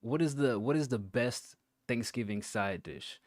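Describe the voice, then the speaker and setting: A man's voice: mid-range voice, a little slow, no room sound, clean studio sound. A man co-hosting a casual podcast chat, asking wry, teasing questions. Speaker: podcast co-host.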